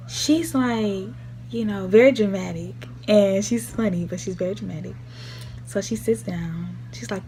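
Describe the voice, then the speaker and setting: A woman's voice: medium pitch, bright, forceful tone. A young woman telling a casual storytime vlog, acting out the voices of the people she quotes. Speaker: vlogger.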